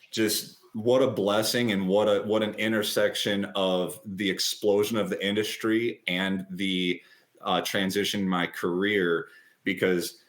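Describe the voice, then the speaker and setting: A man in his thirties talking as an interview guest, chatty and animated as he retells his story. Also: lowish voice. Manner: quick, lively retelling with acted-out quotes.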